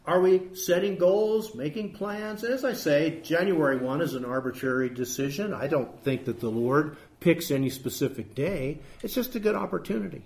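Emphatic high-voiced male preacher. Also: lively intonation, moderate pace, gravelly, hardly any pauses, a little mellow. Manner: emphatic, rhetorical questions, quotes scripture. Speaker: pastor. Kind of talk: sermon.

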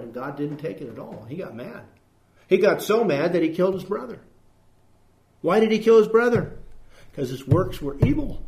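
A man preaching a sermon in an earnest, emphatic way, pushing his points home with question after question. His voice sits high for a man, and the sound rings around an echoey room.

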